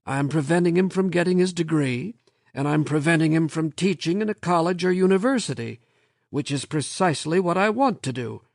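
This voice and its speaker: A man voicing a weary, stubborn male professor who speaks quietly but firmly. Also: a little high, animated, fairly quick, dry recording, clean studio sound, voice pushed up. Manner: tired, quiet, firm.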